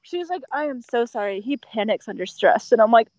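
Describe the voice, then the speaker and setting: Animated, laughing woman dispatcher telling stories. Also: fairly high pitch, a little fast, no echo, muffled recording. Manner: animated storyteller, laughs often, acts out quotes. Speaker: 911 dispatcher. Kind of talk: casual podcast chat.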